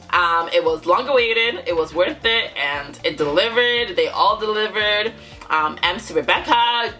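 A young woman hosting a casual reaction vlog, giggling often and breaking into high exclamations. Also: sharp tone. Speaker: YouTube reaction host.

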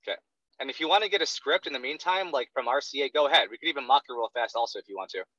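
A man's voice: medium pitch, racing, sharp tone, no room sound, muffled recording. Blunt, profane male sales coach. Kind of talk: blunt coaching role-play session.

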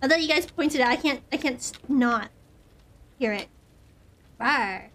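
A woman's voice: high-pitched, unhurried, a bit bright. A woman streaming a horror game, rambling nervously, swearing often and filling her talk with "like". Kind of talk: casual gameplay commentary.

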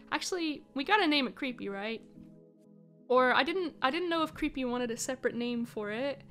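A young woman streaming a game live, giggling often and squealing with excitement while she chats. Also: high-pitched, a little fast. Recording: faint music behind. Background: faint music.

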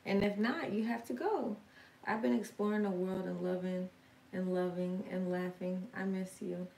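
A woman's voice: medium pitch, steady tone, normal speed, creaky, dark tone, a little hiss or hum. Chatty woman on a roomy live stream. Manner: chatty, reads viewer comments aloud and answers them; frank and slangy, swears now and then. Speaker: tarot reader hosting a live stream. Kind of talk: casual live-stream chat. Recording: roomy, distant from the mic, faint ambience.

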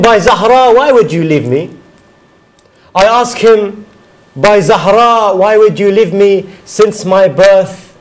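Higher-voiced man reciting a grieving elegy. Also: low-quality recording. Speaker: poet reciting his elegy. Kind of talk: mournful elegy poetry recitation.

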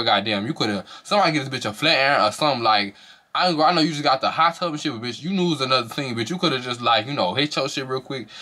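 A man reviews a reality show in rapid, casual commentary. His voice is bright and sharp, and he is gossipy and profane. His animated delivery keeps leaping up into shrieks. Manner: animated and sassy, with shrieking highs.

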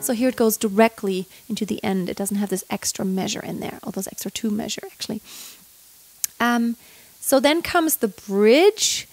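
A young woman teaching how to sing a pop ballad, speaking in a relaxed coaching manner and breaking into sung phrases to show the technique. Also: mid-range voice, normal speed, no echo. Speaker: singing teacher. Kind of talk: vocal lesson with sung demonstrations. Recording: loud instrumental music behind.

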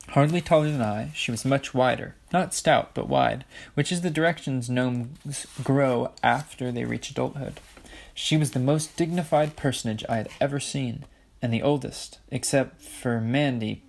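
A man's voice: mid-range voice, gravelly, a little mellow. A man casually reading a novel aloud, with offhand, jokey asides. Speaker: audiobook reader.

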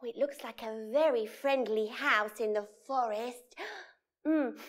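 A woman's voice: fairly high pitch, slow pace. A woman leading an interactive children's story session, theatrical and wide-eyed, full of gasps and exclamations.

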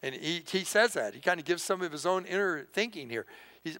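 A male pastor preaching a sermon to his congregation, animated and full of rhetorical questions. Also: sits high, fairly quick, poor audio. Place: church sanctuary.

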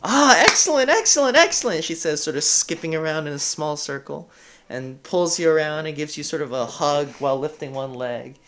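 A man's voice: fairly high pitch, steady tone, moderate pace, a little hiss or hum. Guy gm narrating a tabletop game, lots of sort of and uh, voice chat mic. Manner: hesitant, full of "sort of" and "uh". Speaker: game master.

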